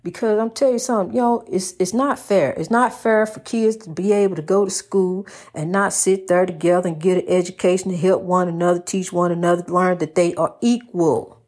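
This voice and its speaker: A woman's voice: lowish voice, a little fast. A woman giving a rhythmic, preachy monologue, repeating her phrases and calling the listener honey. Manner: lively, swings between loud and soft.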